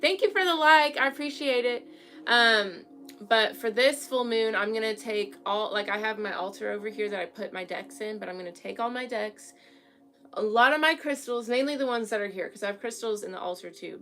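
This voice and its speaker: A woman's voice: medium pitch, a bit bright. A young woman giving a casual tarot reading at home, chatty and frank, often checking in with her listeners. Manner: chatty, keeps checking in with "okay?". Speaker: tarot reader. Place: home room with an altar.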